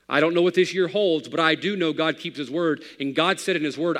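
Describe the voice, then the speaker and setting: A man's voice: fairly high pitch, brisk, few pauses. Preaching man, hall echo. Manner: preaching with wide swings from loud to hushed. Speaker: pastor. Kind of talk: sermon.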